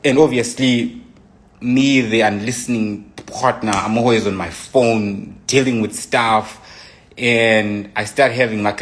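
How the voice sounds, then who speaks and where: A man's voice: on the low side, a bit bright. A young man casually recounting a relationship story, rambling with restarts and frequent "you know" asides. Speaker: boyfriend telling his side of a relationship story.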